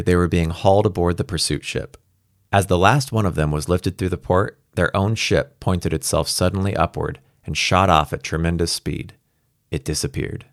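A low-pitched male voice with vocal fry, recorded cleanly in a studio with no room sound. He's an audiobook reader who narrates a science fiction story aloud, then chats about it casually with fillers and laughter.

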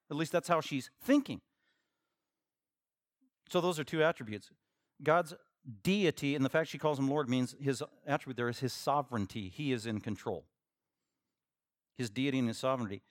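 A man preaching a verse-by-verse sermon as pastor, shifting from quiet teaching to loud, emphatic bursts. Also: moderate pace, pauses often, no room sound, clean studio sound. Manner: acts out imagined listeners in a higher voice. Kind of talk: expository sermon.

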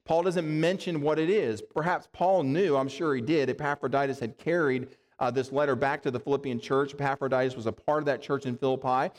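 A man's voice: mid-range voice, steady tone, fairly quick, hardly any pauses, big-room sound. A male pastor giving a conversational sermon, explaining scripture and asking the congregation rhetorical questions.

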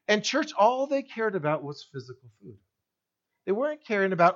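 A man's voice: sits high, sing-song, brisk, dull audio. A man preaching a sermon as pastor, speaking to his congregation and acting out the voices in the story.

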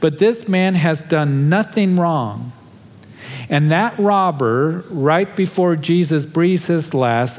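A man's voice: fairly high pitch, a little mellow. A man preaching a sermon, earnest and emphatic, pressing his appeals with rising conviction. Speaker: pastor.

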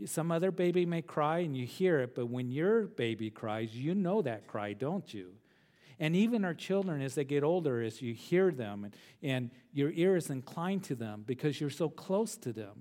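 A pastor with a mellow voice on the high side gives an earnest verse-by-verse Bible teaching. He reads scripture passages aloud, asks his listeners tag questions, and repeats words when he restarts.

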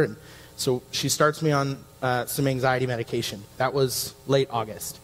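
A man's voice: mid-range voice, steady tone, normal speed, fairly bright tone. A man in his thirties, a pastor telling a personal story in a sermon, earnest and conversational. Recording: long hall reverb.

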